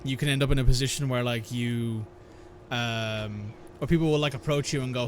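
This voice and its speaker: A man's voice: medium pitch, fairly even intonation, a little fast, a little hiss or hum. A man chatting casually while playing a video game, rambling and joking as he interrupts himself. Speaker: gamer commentating gameplay with friends. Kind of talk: casual gameplay commentary.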